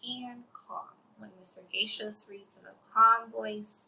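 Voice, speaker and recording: A young woman teaching children a reading lesson, friendly and breathy, often near a whisper as she demonstrates different reading voices. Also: on the high side, level tone, takes it slowly, few pauses, pushed and bright, rough recording.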